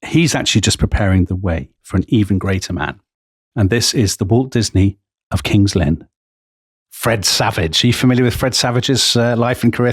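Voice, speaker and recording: A man's voice: lowish voice, slightly rough, no room sound, clean studio sound. An Englishman co-hosting a history podcast, telling stories with enthusiasm and lots of asides. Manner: storytelling, enthusiastic, full of asides. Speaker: podcast co-host. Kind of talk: casual history podcast chat.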